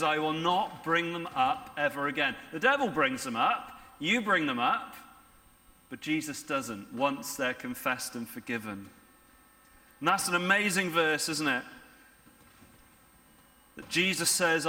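A man's voice: a little high, bright, forceful tone. A man preaching a sermon in a conversational way, often asking the congregation rhetorical questions. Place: church. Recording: church hall reverb.

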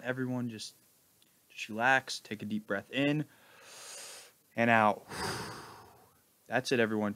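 A man giving mocking, deadpan sarcastic commentary over a video. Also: mid-range voice, no room sound. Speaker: video reactor.

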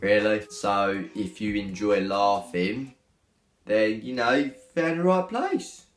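A man's voice: lowish voice, slow. A young man, joking and bantering as he reacts to hate comments in a casual comedy vlog. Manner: cheeky, joking, slangy banter. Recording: echoey room with faint music.

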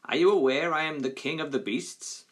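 A man's voice: a little high, normal speed, fairly bright tone, voice pushed up. A man playing a silky menacing lion. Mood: silky menace. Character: proud dangerous male lion, king of beasts.

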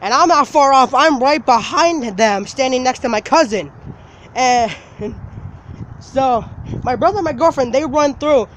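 A man casually telling a story for his vlog outdoors, animated and laughing, swearing now and then. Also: very high voice, a little slow. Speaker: vlogger. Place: outdoors, walking in the open. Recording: outdoor noise from traffic.

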